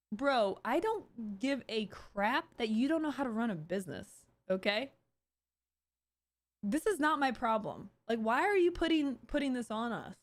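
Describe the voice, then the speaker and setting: A woman with a high, bright-pitched voice reacting live on stream. She rants sarcastically, piling up fillers and restarts as she riffs on what she's watching. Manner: sarcastic, ranting, full of fillers. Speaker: streamer host.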